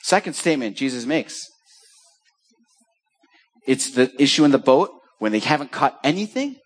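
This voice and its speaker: A man's voice: mid-range voice, moderate pace. A male pastor preaching a sermon in a rhetorical style, acting out bits of dialogue as he goes. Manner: animated, rhetorical, acts out dialogue.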